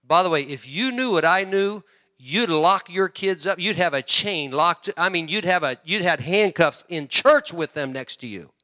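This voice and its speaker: Animated preacher man, bright, forceful voice. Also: fairly high pitch, normal speed, no echo, studio quality. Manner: animated preaching, swinging from loud emphasis to quiet asides; repeats words and restarts often. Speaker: pastor. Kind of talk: sermon.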